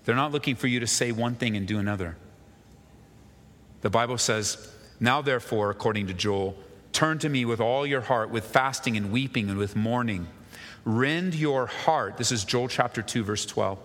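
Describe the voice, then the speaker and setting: A male pastor giving an expository sermon, reading scripture slowly and then explaining it with rhetorical questions. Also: fairly low pitch, fairly bright tone, long reverb tail.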